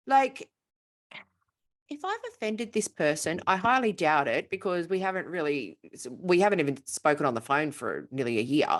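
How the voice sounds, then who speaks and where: Woman, casual podcast chat, pitch leaps around, blunt and swearing. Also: moderate pace. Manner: animated, swearing, exasperated venting. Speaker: podcast co-host.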